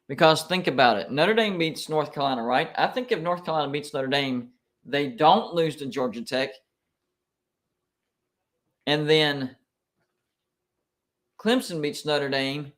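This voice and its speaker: Brief: male streamer, slightly higher voice, emotional fan commentary on live football, excitable and complaining. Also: measured pace, pauses often.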